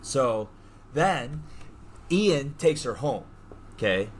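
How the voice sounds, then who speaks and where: A man hosting a podcast, casually retelling a movie plot in an animated way, swearing freely. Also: mid-range voice, very slow, slight background noise. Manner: animated storyteller who swears freely and acts out quotes. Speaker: podcast host.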